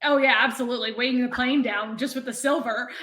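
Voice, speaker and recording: A woman's voice: fairly high pitch, fairly even intonation, fast talker, fairly bright tone, roomy sound, a little hiss or hum. A young adult woman chatting as a podcast guest, explaining things step by step. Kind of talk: casual interview chat.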